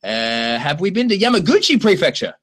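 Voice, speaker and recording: A man hosting a livestream and answering viewer questions in a chatty, animated way, often laughing. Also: high-pitched, a little fast. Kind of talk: casual chat.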